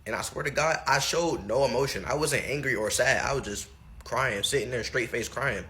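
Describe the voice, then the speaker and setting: A young man tells a comic childhood story in loose, profane street talk. His voice sits in an ordinary middle register and jumps upward whenever the telling gets heated. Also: moderate pace. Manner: profane, animated, swings high when excited.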